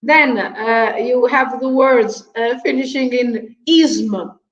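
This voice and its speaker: Woman teaching grammar, lots of ums, unhurried, roomy lo-fi video call sound. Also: fairly high pitch. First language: Portuguese. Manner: patient, many fillers, checks in with "right?", light laughs. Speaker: language teacher guest. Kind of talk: explaining grammar on an online show. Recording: echoey, dull lo-fi video call audio.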